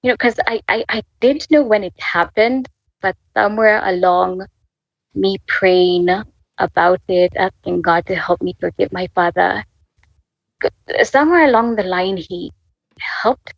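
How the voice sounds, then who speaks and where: A woman in her twenties telling an emotional faith story as a podcast guest. She speaks haltingly, restarts often, and laughs through tears. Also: medium pitch, vocal fry, no room sound, dull audio. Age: 20s. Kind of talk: emotional personal testimony.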